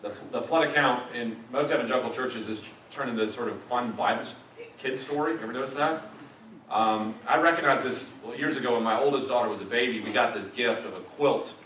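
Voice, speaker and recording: A man's voice: mid-range voice, fairly quick, fairly bright tone, a little hiss or hum. A middle-aged man giving a teaching lecture at a church in a conversational way with dry humor. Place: church sanctuary. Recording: echoey church room from a distance, faint ambience.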